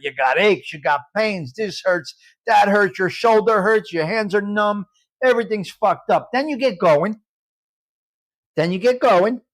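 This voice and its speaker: An older man hosting a casual live chat, rambling in a brash, profane way. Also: high-pitched. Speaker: livestream host.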